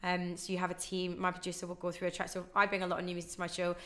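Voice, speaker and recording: A woman, a radio DJ, telling stories fast in casual chat and acting out the people she quotes. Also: on the low side. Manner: fast, animated storytelling with acted-out quotes. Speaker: radio DJ guest.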